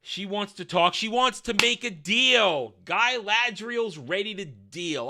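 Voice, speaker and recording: Sex: man. Role: video reviewer. Style: sarcastic ranting commentary. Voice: high and piercingly bright. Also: takes it slowly, few pauses. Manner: sarcastic, mocking, repeats words when excited.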